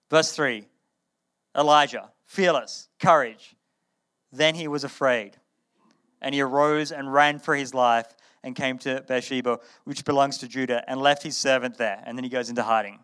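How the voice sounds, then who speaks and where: A man preaching a sermon to a live audience, retelling a story in a conversational, animated way and often repeating his words. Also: mid-range voice, moderate pace, clear, resonant tone.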